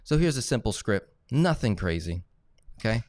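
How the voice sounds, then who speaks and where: A man's voice: lowish voice, very animated, normal speed, a little mellow. A man teaching personal finance in a casual coaching tone, often checking in with "right?" and "okay?". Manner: coaching, tag questions like "right?" and "okay?", acts out phone calls. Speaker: finance educator.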